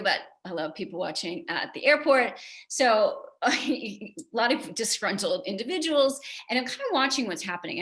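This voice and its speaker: A woman's voice: mid-range voice, a bit bright. A middle-aged American woman giving a motivational talk to an audience, conversational and joking, often asking the listeners questions. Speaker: keynote speaker.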